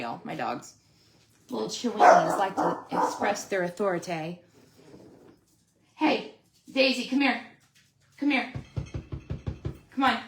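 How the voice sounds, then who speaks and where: Heavy background noise surrounds this woman's animated, creaky, medium-pitched voice, which runs a little slow with long pauses. She's a sugar glider breeder on a casual home stream, making a pet toy while she chats to viewers and scolds the dogs.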